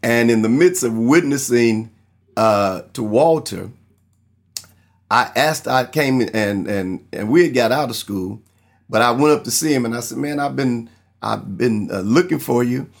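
A man's voice: mid-range voice, lively intonation, unhurried, vocal fry. A man preaching a sermon, earnestly telling a personal testimony and acting out the people in his story. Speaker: pastor.

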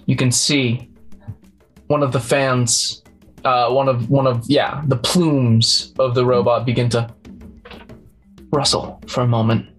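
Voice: mid-range voice, steady tone, takes it slowly, pauses often, husky, soft background music. A game master narrating a tabletop game, hesitant, with frequent ums, restarts and easy laughter.

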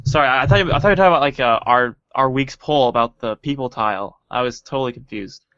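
A man's voice: mid-range voice, quick pace, sharp tone, dry recording. A man co-hosting a casual tech podcast, playful and teasing as he reads out poll results. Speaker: podcast co-host. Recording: dull lo-fi dry sound.

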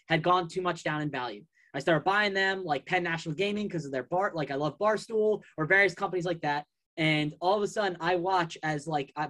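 A man's voice: sits high, fairly bright tone. A man as a podcast guest in casual chat, telling a long story in a rambling way, full of fillers and restarts.

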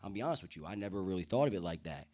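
Laid-back young man, low voice. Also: animated, rapid-fire, dark tone. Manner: laid-back slangy talk, many fillers. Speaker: podcast guest. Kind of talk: casual podcast chat. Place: table indoors with drinks.

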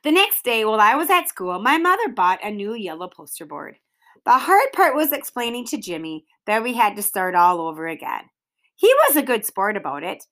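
A woman reading a children's novel aloud in an expressive storytelling way. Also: medium pitch, moderate pace. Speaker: reader.

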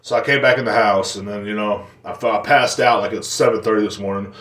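A man's voice: lowish voice, steady tone, a little fast, fairly bright tone. A man hosting a solo podcast from home, ranting in a profane, joking, rambling way. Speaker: podcast host. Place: indoors at home. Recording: roomy echo.

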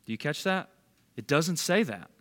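A man's voice: on the high side, sing-song, normal speed, fairly bright tone. A man leading a bible study, giving a casual, conversational sermon and quizzing his listeners by name. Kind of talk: casual sermon to a small group.

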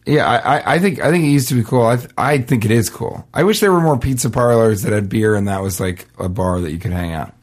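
A man's voice: mid-range voice, fast talker, hardly any pauses. Male podcast co-host, casual comic reader of listener questions, dry offhand riffs. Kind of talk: casual comedic chat.

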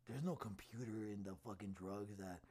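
Husky low-voiced man telling a story. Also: moderate pace. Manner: animated storyteller acting out quotes. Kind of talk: casual storytelling chat.

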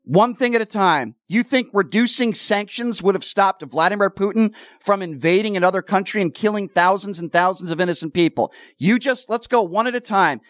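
A man's voice: high voice, moderate pace, hardly any pauses, a bit bright, dry recording, studio quality. A male radio talk show host arguing with a caller on air. He is combative, cuts in, and repeats himself to hold the floor. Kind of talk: heated call-in radio argument. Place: radio studio. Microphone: studio microphone.

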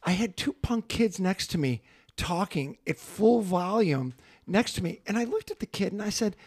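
A man's voice: sits high, expressive, normal speed, darkish tone, husky, no room sound, studio quality. A man co-hosting a music podcast, chatting casually, telling stories and laughing often. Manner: laughing, storytelling. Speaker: podcast co-host. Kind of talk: casual chat.

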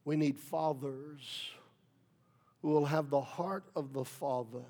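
A man preaching a sermon as pastor, with playful asides, building from quiet talk to shouted preaching. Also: fairly high pitch, slow pace.

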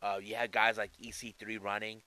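Chatty man with a bright, lowish voice. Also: little pitch movement, a little fast, low-quality recording. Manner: chatty, with frequent restarts and asides. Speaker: wrestling news commentator. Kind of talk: casual news commentary.

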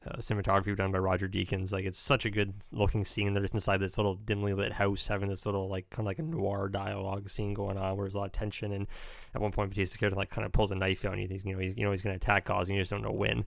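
A young man with a low, creaky, monotone voice races through casual chat as a podcast host, rambling about his favourite film scenes. He leans heavily on "like" and keeps restarting his sentences. There's no echo.

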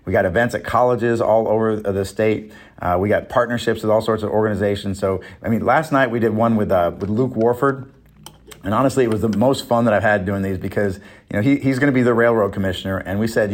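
A man with a fairly low voice talks fast. He speaks as a political organizer, energetic and urging, in a relaxed promotional chat.

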